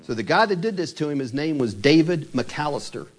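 A man's voice: fairly high pitch, expressive, a little fast. A man preaching a sermon, retelling a true story in a conversational, dramatic way. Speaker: pastor.

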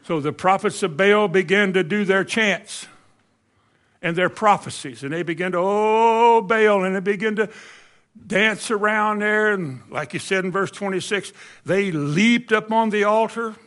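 A man's voice: sits high, normal speed, sharp tone. A man preaching a sermon, telling a Bible story animatedly and acting out the quoted lines in a raised voice.

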